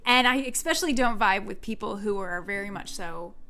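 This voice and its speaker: A woman co-hosting a podcast, telling stories in a casual, animated way with lots of fillers. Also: mid-range voice, brisk. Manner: animated, expressive storytelling with lots of "like". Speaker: podcast co-host. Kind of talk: casual chat.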